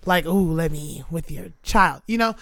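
A woman's voice: low voice, lively intonation, normal speed, a bit bright, no echo. A woman talks in an easygoing, reflective way on a casual podcast, adding short reactions between longer thoughts. Her voice is recorded close and dry, with no room sound. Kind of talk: casual chat.

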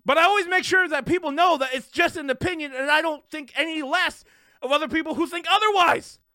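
High, bright-voiced man ranting loudly. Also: fairly quick, no echo, clean studio sound. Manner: loud, profane, fired-up ranting. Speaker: streamer and podcast host. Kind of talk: unscripted rant on a live stream.

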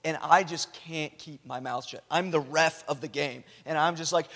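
Male pastor, a bit high-voiced, chatty sermon delivery, long church-hall reverb. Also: normal speed, few pauses. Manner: conversational, repeats words when restarting.

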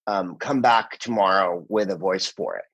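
A husky, fairly low-voiced man in his sixties, telling show-business stories in an easy, animated way. He chats casually as a podcast guest. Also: moderate pace. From United States. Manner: animated storyteller, slips into impressions. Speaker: guest voice actor.

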